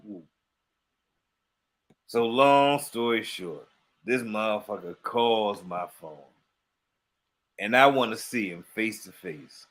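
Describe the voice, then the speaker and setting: AAVE-male co-host, slow animated storyteller with a middle-range voice. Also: mid-range voice. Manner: animated storyteller, acts out quoted dialogue, laughs often. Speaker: podcast co-host. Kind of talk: casual storytelling chat.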